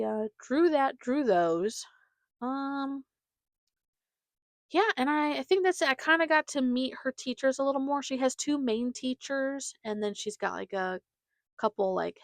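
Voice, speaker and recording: Her voice is mid-range and creaky, captured with no room sound. She's a young podcast host talking casually on her own, giggling and using plenty of fillers.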